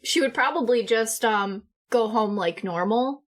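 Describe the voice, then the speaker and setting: A woman with a fairly high voice describes her hero's actions in a tabletop game. She laughs often and hedges with many fillers. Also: a little slow. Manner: giggly, hesitant, many fillers. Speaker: player. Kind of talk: tabletop role-play chat.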